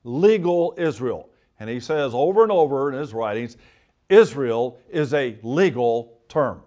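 A man's voice: medium pitch, animated, unhurried, dark tone. A man preaching a sermon, reading scripture aloud and stressing key words again and again. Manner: emphatic, repeats and stresses words; reads scripture and quotations aloud.

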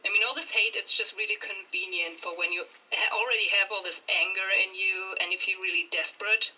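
A woman's voice: mid-range voice, steady tone, fairly quick, sharp tone, breathy edge, low-quality recording. A woman speaking hesitantly and thoughtfully in a casual group discussion. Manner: hesitant, reflective. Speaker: discussion participant.

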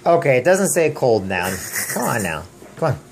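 A man's voice: mid-range voice, sing-song, moderate pace, gravelly, noisy background. A man, the father, patiently coaching his young daughter through reading words at home, sounding out letters and encouraging her again and again. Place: family home.

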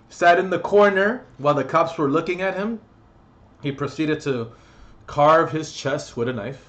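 A man's voice: a little high, normal speed, fairly bright tone. A young man telling a story on his vlog in a blunt, rambling, profane way, with lots of fillers. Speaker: vlogger.

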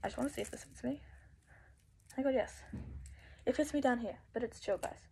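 A teenage girl from Australia unboxing a mask, gushing and breathless, shaky with excitement and swearing often. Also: a little high, a little fast, creaky, a little hiss or hum, low-quality recording. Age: teens.

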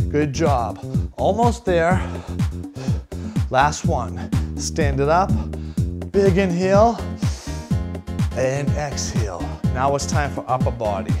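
A man leading a workout as a fitness instructor, counting reps and urging the viewer on while breathing heavily. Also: fairly high pitch. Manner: encouraging, coaching and counting reps. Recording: music behind the voice.

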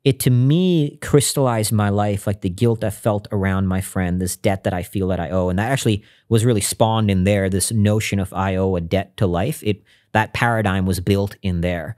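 A man's voice: fairly low pitch, moderate pace, hardly any pauses, darkish tone. A man speaking as a podcast guest, telling a personal story in an earnest, reflective way with frequent restarts.

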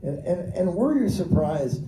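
A man's voice: high-pitched, sing-song, measured pace, background noise. A man moderates a film Q&A with polite questions and brief interjections. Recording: echoey theater with faint audience.

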